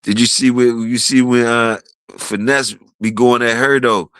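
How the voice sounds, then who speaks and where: A man on a livestream, rambling in casual chat with profanity, often laughing and quoting others with animated, raised delivery. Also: mid-range voice, unhurried, clean tone, dry recording, poor audio. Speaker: streamer host.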